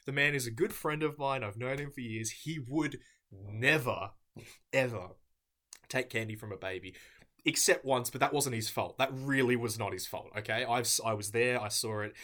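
A man giving a mock-earnest, deadpan comedic debate speech. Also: medium pitch, a little fast, hardly any pauses.

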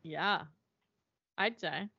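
A woman co-hosting a podcast, chatting in a relaxed way with short agreeing replies. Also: fairly low pitch, very slow, vocal fry, slightly rough. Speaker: podcast co-host. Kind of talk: casual chat. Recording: dull lo-fi audio.

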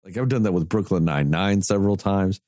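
Cursing freely, a man with a low voice complains fast in a casual chat, swinging his delivery around in an animated rant. It's studio-quality audio with no echo.

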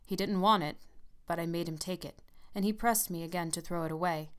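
A woman's voice: on the low side, a little fast, natural voice. A woman reading as a curious old man who keeps asking questions. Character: curious, easily tempted old father.

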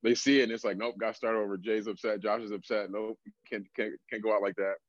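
A young adult man with a fairly low voice talks through his coaching stories in an easygoing, rambling way, peppering everything with "like". The sound is dry and a little dull, as if from a lo-fi recording. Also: fast, no room sound. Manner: relaxed storytelling, many fillers like "like". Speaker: strength coach. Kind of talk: casual podcast conversation.

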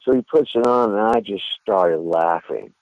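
This low-voiced male singer, a band member appearing as an interview guest, chats at normal speed and drifts from point to point, leaning heavily on "you know." He's a lively storyteller, though the rough recording carries a bit of hiss or hum.

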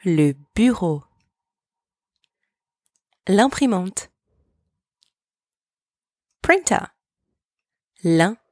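A woman's voice: mid-range voice, lively intonation, a little mellow, no echo, clean studio sound. A woman hosting a language podcast, carefully pronouncing vocabulary words for listeners to repeat. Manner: slow, careful enunciation of words. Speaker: French teacher, podcast host. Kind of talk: language lesson with repeat-after-me drills.

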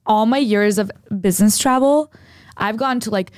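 A woman's voice: medium pitch, moderate pace, no room sound, studio quality. A young woman casually telling a long story on a podcast, rambling and filling her speech with "like". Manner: rambling, heavy use of "like", animated retelling.

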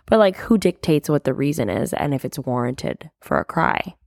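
A woman's voice: deep voice, big pitch swings, normal speed, creaky, darkish tone, no room sound, clean studio sound. A young woman hosting a candid solo podcast, talking openly about her feelings with lots of casual fillers and the odd swear. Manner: open, confiding, frequent "like" fillers, casual swearing. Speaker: podcast host.

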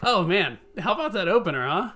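A man's voice: sits high, sing-song, sharp tone. A man co-hosting a board game podcast, narrating a skit and then chatting playfully. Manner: measured storytelling, playful banter. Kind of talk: dramatic narration and casual chat.

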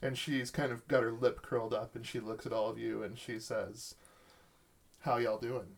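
A man narrating a tabletop game as game master, describing the scene in a halting way with many fillers. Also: medium pitch, little pitch movement, gravelly. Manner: halting, full of fillers and restarts.

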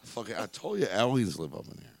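Crude guy telling stories, swoopy animated voice, laughs a lot. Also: on the low side, fast talker, gravelly. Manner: lively, crude, laughs at own jokes. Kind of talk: crude casual banter.

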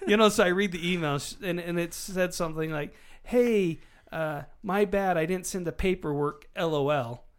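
A man in his forties, a father hosting a casual family chat, telling animated stories and laughing often as he goes. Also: high-pitched, moderate pace, few pauses, smooth. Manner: animated storyteller, laughs often, does voices for quoted people. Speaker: father, podcast host.

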